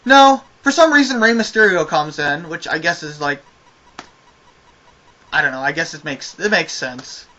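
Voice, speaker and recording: A man's voice: a little high, normal speed, long pauses, bright, forceful tone, muffled recording. A man giving a casual spoken review of a wrestling show, ranting with exasperation and a lot of swearing.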